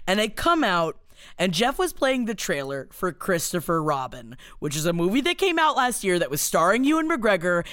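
A woman co-hosting a podcast in casual chat, gushing and excitable, darting through quick asides and then stretching out her words for emphasis. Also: medium pitch, no echo, clean studio sound. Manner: excitable, gushing, swings from rapid asides to slow drawn-out emphasis. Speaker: podcast co-host.

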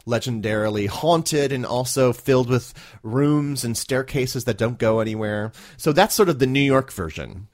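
A man's voice: medium pitch, moderate pace, hardly any pauses, no echo. A man co-hosting a history podcast, explaining local history and chiming in with playful questions. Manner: animated, asks playful questions, laughs easily. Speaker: podcast co-host. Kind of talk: casual history chat.

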